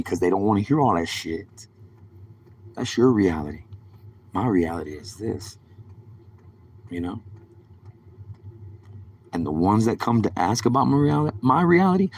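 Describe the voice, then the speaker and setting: A man's voice: low-pitched, darkish tone, slight background noise. A young man telling rambling stories on a live stream, full of cursing and street slang. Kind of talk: casual rambling storytelling.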